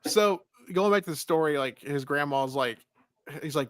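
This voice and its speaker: A man's voice: mid-range voice, normal speed, a bit bright. A man co-hosting a casual movie review podcast, retelling the plot in a rambling way full of fillers. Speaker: podcast co-host.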